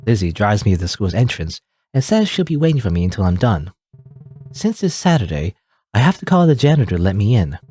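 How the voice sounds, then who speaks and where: Let's-play host narrating a story game, low voice with lively, dramatic pitch. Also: male voice, a little fast, slightly rough, faint music behind. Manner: dramatic reading, joking asides, laughs at own slips. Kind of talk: reading a story game aloud with asides.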